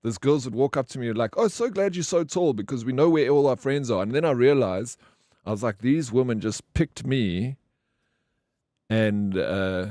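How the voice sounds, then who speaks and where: Recorded with studio quality and no echo, a man on a live game stream spins casual stories full of slang and curses. His voice is medium in pitch, and he animatedly acts out each person he quotes.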